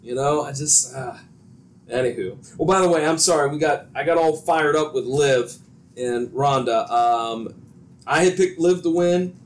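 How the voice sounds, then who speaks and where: A man from Central Ohio hosting a casual wrestling podcast, animated with quick asides and frequent laughs. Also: on the high side. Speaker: podcast host.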